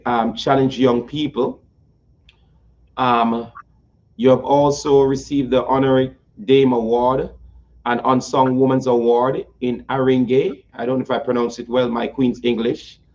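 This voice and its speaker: A man's voice: medium pitch, a little mellow. Effusive, playful male host on a slightly muffled line. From United States. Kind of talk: interview talk show.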